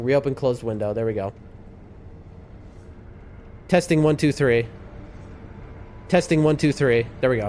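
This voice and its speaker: A man streaming a game live, chatting with viewers in a rambling, excitable way. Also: mid-range voice, unhurried, pauses often, slight background noise. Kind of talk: casual live-stream chat.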